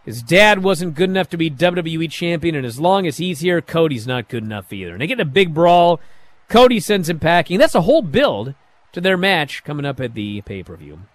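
A man with a fairly high voice recaps a wrestling show in a casual, sarcastic way. His pitch swings widely as he acts out lines in sudden, loud bursts. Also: sing-song, brisk, dry recording.

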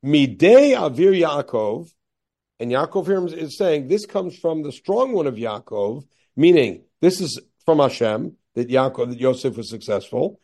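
A man teaching as a rabbi reads ancient verses slowly and then unpacks them stage by stage in his Bible lecture, questioning himself and supplying the answers. He speaks at a medium pitch, animated, with a darkish tone.

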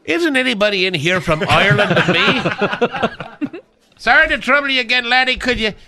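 A man's voice: very high-pitched, animated, fairly quick, crowd noise. A man playing a battered, hapless Irish pub regular in a radio comedy skit, in a hammy stage Irish accent. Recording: studio laughter behind.

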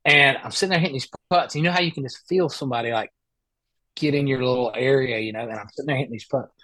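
A man who plays golf for a living, telling an animated, rambling story in a casual podcast interview on a close mic. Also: mid-range voice, fast, no room sound. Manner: animated, rambling anecdote with many restarts. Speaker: guest, professional golfer.

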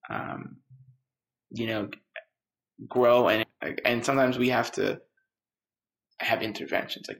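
A man telling a personal story, lively and quoting the people in it. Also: medium pitch, takes it slowly, gravelly, long pauses. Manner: lively, quotes people in dialogue. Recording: roomy echo with faint music.

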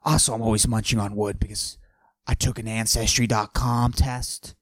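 A man playing a boastful macho character, pushing his voice low and husky and often dropping to a whisper while he brags deadpan. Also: moderate pace, lightly acted. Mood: swaggering. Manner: boastful, deadpan absurd bragging. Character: cocky macho man with a forced deep voice. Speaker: podcast host. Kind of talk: comic character monologue.

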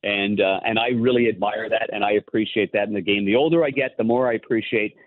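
Talking fast in a fairly low-pitched voice, a man who was a goalie before becoming a hockey analyst rambles through anecdotes full of restarts. He's calling into a casual interview on the phone, and the line sounds tinny.

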